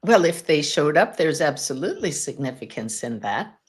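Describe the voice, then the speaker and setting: Lively woman hosting a spiritual podcast. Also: sits low, normal speed, breathy edge. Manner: enthusiastic, chatty, laughs often. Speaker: spiritual medium and podcast host. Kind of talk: live Q&A podcast, teaching and storytelling.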